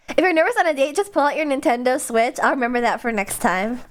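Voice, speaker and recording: High-voiced Midwestern woman streamer, rambling, giggly casual chat. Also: quick pace. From American Midwest. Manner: rambling and giggly, lots of fillers. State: coughing after choking on water.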